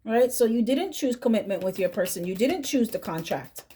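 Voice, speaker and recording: Mellow-voiced woman giving a tarot reading. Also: fairly high pitch, animated, normal speed, slightly rough. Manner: chatty, keeps asking "right?" and humming "mm-hmm". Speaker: tarot reader.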